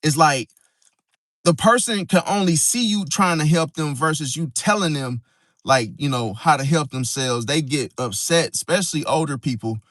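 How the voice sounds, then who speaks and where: Slangy man with a high-set, dry voice. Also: moderate pace, fairly bright tone, no room sound. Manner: slangy, rambling, acts out quoted friends. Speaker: zodiac vlogger. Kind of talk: casual monologue on astrology.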